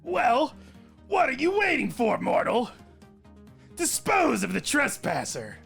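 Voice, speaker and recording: A man's voice: huge pitch swings, slow pace, vocal fry, fairly bright tone, breathy edge, faint music behind, full character voice. A man voicing a fierce, haughty female demon from a game who declares everything at full volume. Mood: impatient imperious. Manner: booming declarations, all caps.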